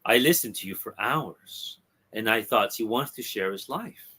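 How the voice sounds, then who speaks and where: A man reading a young woman's comic dialogue aloud in a plain, husky voice. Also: lowish voice, lively intonation, normal speed, sharp tone, heavily acted. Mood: quiet. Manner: plain reading, with little change of voice. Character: wistful young woman rejecting her lover.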